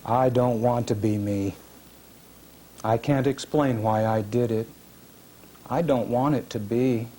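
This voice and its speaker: A man reading his own first-person fiction aloud at a literary reading, measured and dramatic, with heavy pauses. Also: mid-range voice, fairly even intonation, mellow, slight background noise. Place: reading series event.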